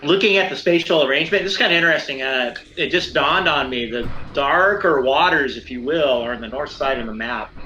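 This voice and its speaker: A man playing in a tabletop role-playing session, talking in an animated, theatrical way and laughing often. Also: medium pitch, highs cut off, slight background noise. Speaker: player.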